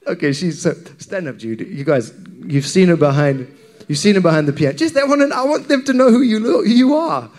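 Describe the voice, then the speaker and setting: A man's voice: sits high, big pitch swings, a little fast, darkish tone. A man preaching a sermon to his congregation, talking in a candid, conversational way and often checking in with the listeners. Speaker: pastor.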